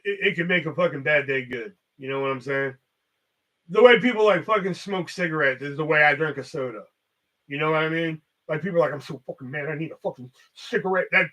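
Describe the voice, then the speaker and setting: A man's voice: a little high, bright, forceful tone. A man hosting a casual livestream chat, rambling and swearing heavily as he talks. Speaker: host.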